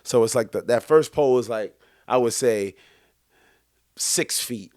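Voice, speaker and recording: A young man spins a story in casual podcast chat, full of laughs and acted-out quotes. His voice sits at an ordinary pitch. The sound is dry and close. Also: a little slow, no echo. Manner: animated, acts out quotes, laughs often. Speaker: podcast co-host.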